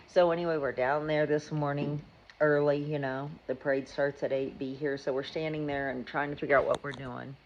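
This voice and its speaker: A woman's voice: low voice, steady tone, fairly quick, muffled recording, a little hiss or hum. A woman, a mother, telling a rambling, chatty story about her day in a casual vlog. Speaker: mother and vlogger. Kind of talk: casual chat.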